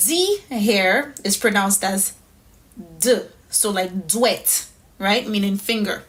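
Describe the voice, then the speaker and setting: A woman's voice: mid-range voice, animated, slow, a bit bright. A woman teaching a pronunciation lesson step by step, patient and methodical, often checking in with "right?". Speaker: language teacher.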